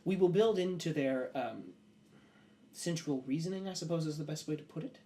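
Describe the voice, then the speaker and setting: A man playing a smooth, ambitious nobleman who speaks formally and hesitates often. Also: fairly high pitch, moderate pace, dark tone, natural voice. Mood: scheming.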